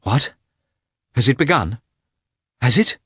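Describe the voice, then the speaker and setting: A man's voice: medium pitch, lively intonation, slow, pushed and bright, breathy edge, dry recording, clean studio sound, pitched above the performer's own voice, full character voice. A man reading a storybook, voicing a frightened young husband with urgent, alarmed questions. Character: young husband, anxious and devoted.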